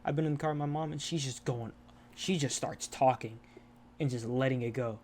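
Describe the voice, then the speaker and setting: A man's voice: medium pitch, a little fast, darkish tone, a little hiss or hum. A young man on a podcast, talking candidly and rambling, with lots of swearing and restarts. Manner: rambling, profane, restarts often. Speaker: podcast co-host. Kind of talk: casual candid chat.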